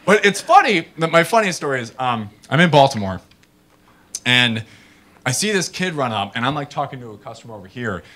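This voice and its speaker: A man gives a casual, animated talk to an audience, full of fillers and acted-out voices. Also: medium pitch, brisk. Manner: animated storyteller, acts out people in funny voices. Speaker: startup founder giving a talk.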